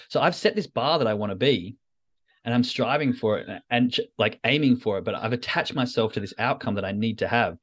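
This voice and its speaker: A man's voice: medium pitch, fast talker. A man hosting a solo podcast, talking candidly and self-critically with frequent restarts. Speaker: podcast host, trader. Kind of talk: reflective solo podcast talk.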